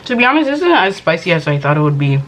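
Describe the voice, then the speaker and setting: A woman's voice: lowish voice, sing-song, very fast, a bit bright, a little hiss or hum. A woman vlogging in casual chat, rambling and exasperated, talking while she eats.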